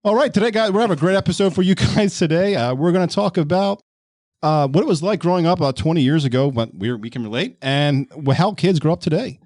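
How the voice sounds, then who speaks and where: A man's voice: a little high, lively intonation, quick pace, a little mellow, no room sound, studio quality. A young man hosting a casual podcast, introducing his co-hosts and reacting with laughs and swearing. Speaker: podcast host. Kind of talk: casual profane chat.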